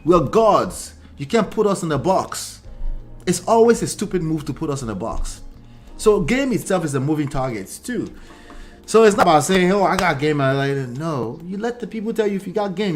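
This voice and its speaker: A man, a relationship coach and host, giving animated commentary in an exclamatory, teasing way full of rhetorical asides. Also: a little high, normal speed, soft background music. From Nigeria.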